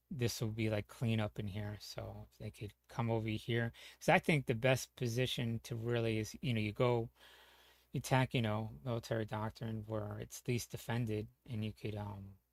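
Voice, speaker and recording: A man's voice: fairly low pitch, no room sound. A man talking casually as a streamer, rambling with lots of fillers, restarts and casual swearing.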